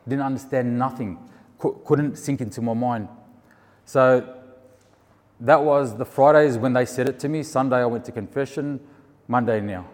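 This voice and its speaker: A man telling his faith story in casual, animated speech, acting out the people he quotes. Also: medium pitch, normal speed, long pauses, in a large hall. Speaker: storyteller sharing a faith testimony. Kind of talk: casual spoken testimony.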